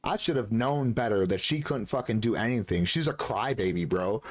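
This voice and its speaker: A man live-streaming a game, talking casually and ranting heatedly with lots of swearing, sometimes mocking others in a shrill voice. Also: animated, moderate pace, hardly any pauses.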